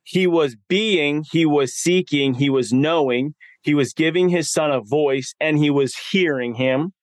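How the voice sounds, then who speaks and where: A man's voice: on the high side, a little slow, no room sound, studio quality. A man hosting a podcast, speaking earnestly and emphatically, recapping with repetition. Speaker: podcast host. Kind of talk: casual chat.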